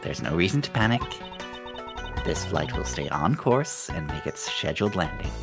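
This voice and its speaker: Rigid, polite stewardess, man reads her, deep voice, game music bed. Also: very animated, moderate pace. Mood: formal. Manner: formal, polite announcing. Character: prim, by-the-book female flight attendant. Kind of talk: fan voicing of game dialogue.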